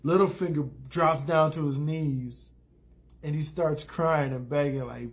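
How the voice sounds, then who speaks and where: Speaking at a measured pace in a fairly high voice, this man recaps a TV episode in a loose, wandering way. He stumbles through fillers and restarts, throws in frank opinions, and briefly voices what the characters said.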